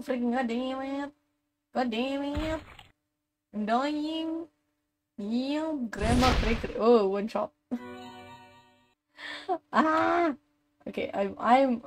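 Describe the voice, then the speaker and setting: A woman live streaming a game, reacting loudly and chatting with her viewers as she plays. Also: fairly high pitch, background noise. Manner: animated, exclamatory, talks to chat while playing. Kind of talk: live gaming stream chat.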